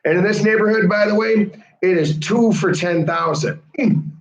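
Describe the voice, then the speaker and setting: A man hosting a casual chat, animated and laughing often. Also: sits high, normal speed. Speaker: host. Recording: roomy, dull lo-fi sound.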